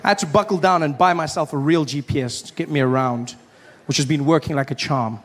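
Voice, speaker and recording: Man, stand-up set, slightly high voice, long hall reverb. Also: a little fast. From South Africa. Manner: playful, conspiratorial riffing with the crowd. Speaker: stand-up comedian. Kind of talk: stand-up comedy routine. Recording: live club, long reverb, faint crowd noise.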